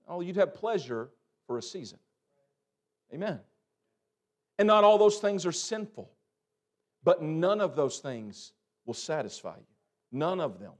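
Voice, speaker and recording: A man preaching a sermon as pastor, building phrases up and letting them drop off quietly. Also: high-pitched, animated, moderate pace, long pauses. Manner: preaching with swelling and fading emphasis, repeated phrases.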